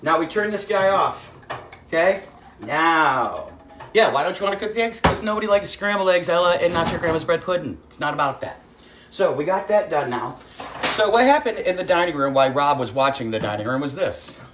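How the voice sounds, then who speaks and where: A woman's voice: deep voice, expressive, fairly quick. Woman cooking host, casual kitchen livestream, talkative storyteller who calls the audience kids, faint noise in the room. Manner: chatty storyteller, greets viewers by name, calls audience kids. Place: home kitchen.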